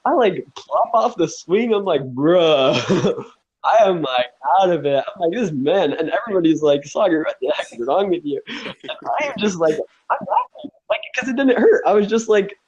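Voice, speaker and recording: A man's voice: sits high, animated, moderate pace, darkish tone. A man telling a story in a casual podcast chat with friends, acting out his own reactions with lots of energy. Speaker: podcast co-host. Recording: dull lo-fi faulty mic.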